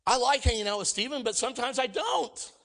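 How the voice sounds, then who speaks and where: A male pastor delivering a sermon with a high-pitched voice. His tone is bright and ringing. He talks energetically, acts out quoted lines, and moves between loud emphatic peaks and quiet asides. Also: brisk, creaky.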